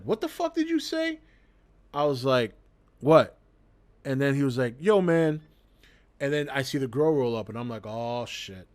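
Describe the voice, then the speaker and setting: A man with a slightly higher voice than most spins a story for his stream chat in a loose, casual way. He breaks into laughter mid-sentence and swears freely, acting out each exchange with lively energy.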